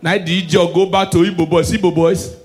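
A man with a Nigerian accent works a stand-up set in a high-pitched voice. He slides between Pidgin and English and lets his voice sink into quiet asides. Then he bursts out loud for the punchlines. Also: level tone, a little fast. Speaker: stand-up comedian. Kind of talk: stand-up comedy.

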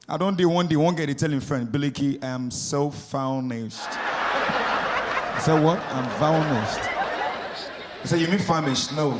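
A Nigerian man doing stand-up comedy, animated and mixing pidgin with English as he acts out characters. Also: fairly high pitch, heavy background noise.

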